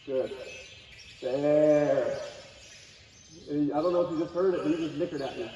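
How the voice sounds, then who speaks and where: A man teaching a live horse-training clinic, talking in a calm, coaxing way to both the horse and the watching group. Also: fairly high pitch, normal speed, slight background noise. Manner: calm, coaxing, talks to horse and audience in turns. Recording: distant, echoey, dull outdoor recording.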